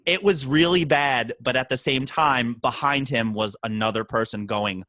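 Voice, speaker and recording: Mid-range in pitch and moderate in pace, this podcast co-host chats casually and tells stories, animatedly performing the quoted voices of the people involved. The recording is dry.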